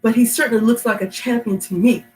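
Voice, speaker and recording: A woman's voice: a little high, steady tone, fast, darkish tone, slight background noise, voice pushed up, natural voice. A woman voicing a smug, lazy male cartoon cat in a read-aloud story, with a sly, innocent-acting manner.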